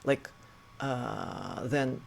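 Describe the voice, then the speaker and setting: A man telling a personal story in an earnest, halting way, often restarting his sentences. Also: medium pitch, fairly even intonation, gravelly, a little hiss or hum. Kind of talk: personal story told to camera.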